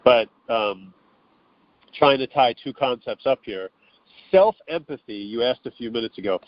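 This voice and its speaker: A man appears as an interview guest by phone, his medium-pitched voice a little slow. He explains earnestly and loosely, with restarts and acted-out quotes. The telephone audio is dull and dry, with no room sound.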